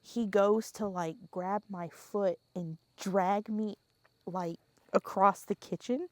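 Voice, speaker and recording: A young woman telling a story in casual podcast chat, animated and laughing often, swearing freely and acting out the scenes. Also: mid-range voice, takes it slowly, no room sound.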